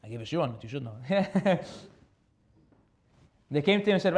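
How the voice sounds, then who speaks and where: A man's voice: on the high side, moderate pace. A man giving a sermon as a rabbi, telling stories animatedly and repeating key phrases for emphasis. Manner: animated storytelling with repetition for emphasis.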